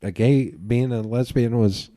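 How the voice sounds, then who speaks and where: A man hosting a podcast, telling stories in a casual, animated way, swearing freely and laughing at himself. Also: medium pitch, measured pace, dry recording, clean studio sound. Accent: regional accent he remarks on himself. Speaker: podcast host. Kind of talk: casual conversation.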